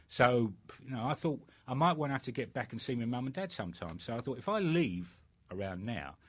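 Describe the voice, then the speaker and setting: This older Englishman's medium-pitched voice is lively, fairly quick and fairly bright, with a breathy edge. Chatting casually with an interviewer, he wanders from one life story to the next, packing in fillers and false starts.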